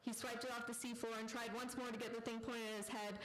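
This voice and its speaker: A woman author reading her own fiction aloud at a live literary event, in a deadpan storytelling manner. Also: a little high, fast, poor audio.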